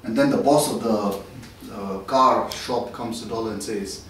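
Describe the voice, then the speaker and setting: A man's voice: on the low side, measured pace, a little hiss or hum. A man giving a joking tour of an office and telling a long comic story, laughing at his own punchlines. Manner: chuckles at his own jokes. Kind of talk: casual comic monologue and joke telling. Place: office suite, indoors. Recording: very echoey room, camera at a distance.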